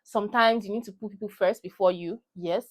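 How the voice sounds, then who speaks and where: Speaking briskly in a steady, mid-range voice, a young woman with a Nigerian accent vlogs an animated movie rant into her phone camera. She gets heated and repeats lines to drive her points home.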